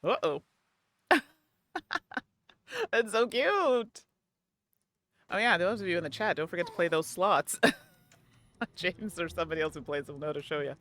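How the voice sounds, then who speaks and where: A woman's voice: lowish voice, expressive, a little slow, long pauses, a bit bright, no room sound. A woman hosting a live gameplay stream, chatting to her viewers and laughing often. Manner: chatty, giggly, talks to chat. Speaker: streamer host.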